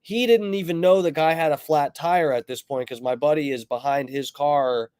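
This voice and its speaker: A man on a livestream tells a story in a loose, rambling, profane way, breaking off to greet chat viewers. His voice sits a little high for a man. The sound is dry and close, with little room echo. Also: normal speed, clean tone. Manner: rambling, profane, animated retelling. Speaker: livestream host.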